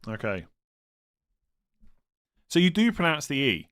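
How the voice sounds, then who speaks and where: A man's voice: a little high, very animated, unhurried, long pauses, fairly bright tone. Casual man reading live chat questions. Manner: thinks aloud, reads chat, self-mocking humor. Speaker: streamer answering viewer questions.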